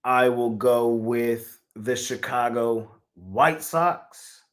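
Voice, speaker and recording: Slow-talking laid-back man. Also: medium pitch. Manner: slangy, laid-back banter. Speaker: sports betting show co-host. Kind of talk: casual sports betting chat.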